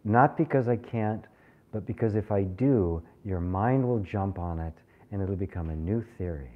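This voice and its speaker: A man teaching a spiritual group, animated and laughing often as he acts out people's questions. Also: fairly low pitch, moderate pace, phone-quality sound. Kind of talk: satsang talk to a live group.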